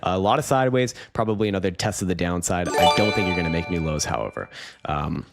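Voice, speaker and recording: A man's voice: deep voice, expressive, fast, gravelly, music in the background. Profane, blunt man reading charts. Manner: profane, blunt, laughs often. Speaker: crypto trading streamer. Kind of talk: casual live-stream chart commentary.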